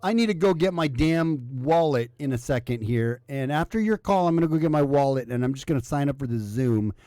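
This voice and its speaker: Man, call-in stream host, a little drunk, rambling, swearing, relays caller's words, bouncy pitch, dry close sound. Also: expressive, brisk, mellow, dry recording. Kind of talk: casual drinking show banter.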